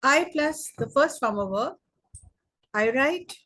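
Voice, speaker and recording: A young Indian woman teaching an online English grammar lesson, slowly repeating words and sentences for emphasis. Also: high voice, animated, a bit bright.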